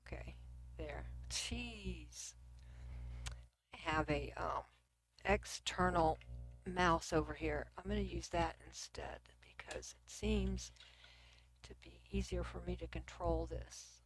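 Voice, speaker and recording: Unhurried and gravelly, her fairly low voice carries a Texan accent as this middle-aged woman from Texas hosts a casual livestream. She reads comments and chats with viewers at her computer, sometimes dropping to a near whisper, with slight background noise.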